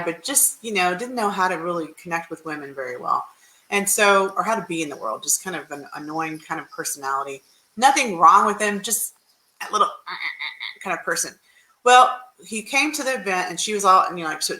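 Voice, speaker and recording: A woman's voice: lowish voice, bright, forceful tone, roomy sound, rough recording. A woman dating coach telling a story on a livestream, chatty and rambling with many restarts.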